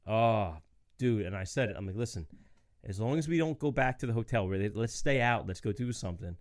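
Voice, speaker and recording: Low-voiced laid-back male podcast host. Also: animated, brisk, no echo, studio quality. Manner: laid-back, swears freely, laughs often. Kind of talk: casual storytelling chat.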